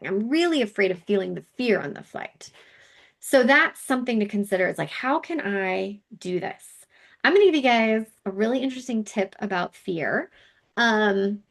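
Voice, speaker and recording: A woman's voice: medium pitch, vocal fry. A woman hosting a casual live wellness session, talking in a chatty, candid way with asides and fillers.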